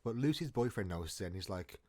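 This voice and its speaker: A man's voice: fairly low pitch, lively intonation, fast, a little mellow. A man telling a story in a casual, rambling, jokey way, often restarting his sentences. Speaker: storytime vlogger.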